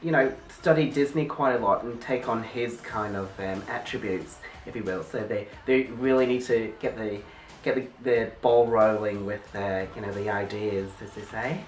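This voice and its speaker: A man's voice: lowish voice, normal speed. Playful man, mock interview guest, rambling, roomy and off-mic. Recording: roomy and distant.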